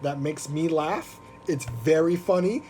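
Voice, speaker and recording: High-voiced man ranting on a live stream. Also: measured pace, a little hiss or hum. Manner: animated, profane and mocking. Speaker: podcast host. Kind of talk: casual live-stream rant.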